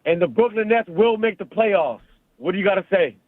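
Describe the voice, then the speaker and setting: A man's voice: high-pitched, fairly quick, dry recording. A man from Maryland calling a sports radio show, casual and hesitant, with fillers as he makes bold predictions. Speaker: caller. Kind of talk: phone-in caller. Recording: tinny dry phone line.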